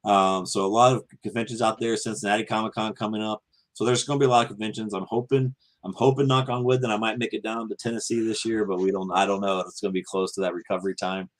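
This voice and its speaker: Low-voiced man hosting a fan show. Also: fairly even intonation, fast talker. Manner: many ums and restarts, earnest. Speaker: podcast host. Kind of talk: casual show sign-off.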